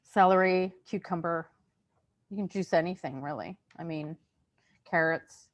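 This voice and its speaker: Low-voiced woman co-hosting a health chat. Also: measured pace. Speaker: co-host.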